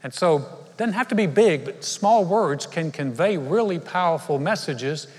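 A man's voice: fairly high pitch, lively intonation, moderate pace. A man, a pastor giving a conversational, humorous sermon in a large church. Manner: conversational storytelling with humor and asides. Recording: live church hall reverb.

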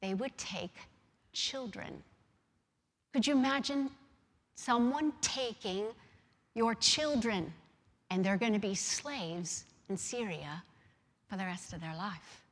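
A woman's voice: medium pitch, slow pace, long pauses. A woman preaching a sermon, retelling a story emphatically and asking the listeners questions. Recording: long reverb of a large hall.

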